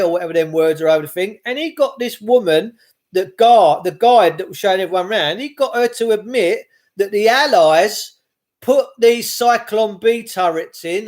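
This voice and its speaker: Man, middle-aged, high-pitched, rambling, impassioned, repetitive. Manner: impassioned, repetitive, with frequent restarts. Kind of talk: rambling monologue to camera.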